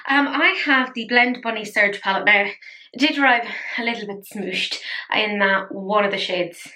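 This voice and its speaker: A tired beauty vlogger chats playfully through a casual makeup tutorial, poking fun at herself. Her medium-pitched voice moves at a moderate pace and sounds pushed and bright.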